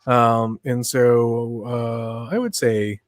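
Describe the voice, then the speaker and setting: A man's voice: medium pitch, level tone, extremely slow, dry recording. A man co-hosting a pop-culture podcast, talking casually and rambling with lots of fillers and restarts. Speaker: podcast co-host.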